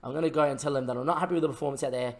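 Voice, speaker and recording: A young man commentating his own football management game in a casual, chatty way, getting loud and excited at big chances. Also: mid-range voice, racing. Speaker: gaming YouTuber.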